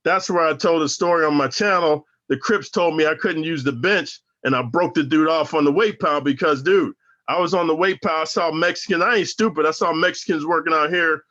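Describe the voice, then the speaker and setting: A former prisoner from Northern California tells his stories in a casual interview, using slangy, profane, emphatic language. His voice is fairly high and fairly bright, his pace fairly quick, and the recording has its highs cut off.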